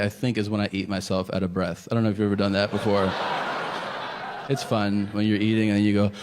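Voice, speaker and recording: A man's voice: lowish voice, background noise. A male stand-up comedian doing a crude, self-deprecating set and acting out conversations, recorded live on a club stage with audience laughter behind.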